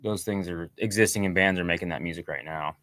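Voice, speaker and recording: A lower-voiced man talks as a podcast guest, wandering through his thoughts with frequent ums and wry jokes at his own expense. The sound is close and dry. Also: fast talker, a bit bright, no room sound. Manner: rambling, self-deprecating, many ums and restarts. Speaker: guest songwriter and singer. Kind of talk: casual interview chat.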